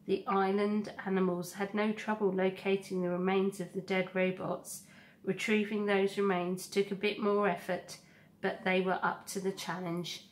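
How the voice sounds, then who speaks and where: A woman teacher reading a children's novel aloud to a class in a slow, steady storybook manner. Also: medium pitch.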